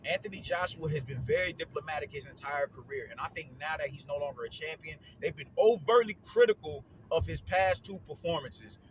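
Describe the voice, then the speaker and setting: Slangy, animated male boxing commentator. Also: fairly high pitch, fairly quick, hardly any pauses, a little hiss or hum. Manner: slangy, animated, repeats himself, many fillers. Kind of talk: casual solo commentary.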